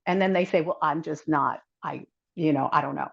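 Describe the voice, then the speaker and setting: A woman's voice: sits low, a little fast, vocal fry, slightly rough. A middle-aged woman who is an influencer, speaking candidly as a podcast guest and laughing often. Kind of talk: casual interview chat. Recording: slightly dull lo-fi audio.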